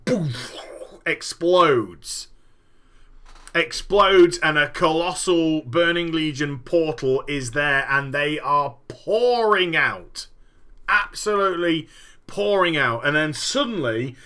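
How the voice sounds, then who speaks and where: A man talking about games in a lively, rambling rant, swearing freely as he spins out his theories. His voice is bright and forceful, and his pitch swings widely as he builds each point. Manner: animated, swearing, vivid storytelling. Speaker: gaming podcast host. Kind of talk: animated solo commentary.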